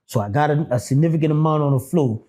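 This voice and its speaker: A man telling prison stories in a casual interview, animated and profane, acting out quotes. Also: fairly high pitch, fast talker. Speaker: guest, former prisoner.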